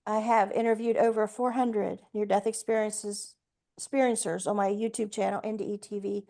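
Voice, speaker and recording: A woman's voice: mid-range voice, little pitch movement, moderate pace, mellow. A woman in her sixties, speaking earnestly and emphatically as a guest at a group meeting, telling a personal story and acting out what people said. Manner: earnest and emphatic, acts out quoted speech. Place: meeting room.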